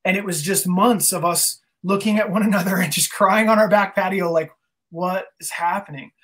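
A man's voice: high-pitched, steady tone, normal speed, fairly bright tone. Guy being interviewed, earnest and emotional, keeps restarting what he's saying. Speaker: guest, band singer. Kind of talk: casual interview chat.

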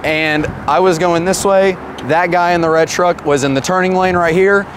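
Young male vlogger, rattled and swearing, high-ish voice, noisy roadside. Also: fairly even intonation, moderate pace. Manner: upset, swearing, rambling. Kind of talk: casual vlog talk. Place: outdoors by a road after a crash. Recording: noisy street ambience.

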